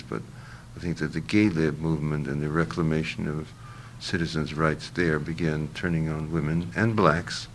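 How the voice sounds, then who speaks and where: Older male interviewee, rumbling deep gravelly voice, halting and searching for words, faint hiss behind. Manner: halting, searching for words, many fillers and restarts. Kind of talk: reflective interview answer.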